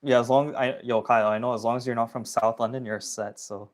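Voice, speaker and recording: A man's voice: medium pitch, steady tone, fairly quick. Slangy young man on a livestream. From Toronto area, Canada. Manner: slangy, chatty, reads chat comments aloud. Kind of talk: casual livestream chat with viewers. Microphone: phone.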